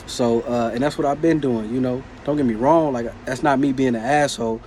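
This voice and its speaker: Male vlogger, mellow timbre, casual animated storyteller, faint background noise. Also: medium pitch, a little fast, few pauses. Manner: animated, slangy retelling of a work conflict.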